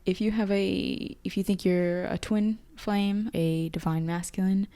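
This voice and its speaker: Mellow-voiced young woman giving a tarot reading. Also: medium pitch, fairly even intonation, unhurried. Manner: intuitive, emotional, chatty, thinking aloud. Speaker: tarot reader.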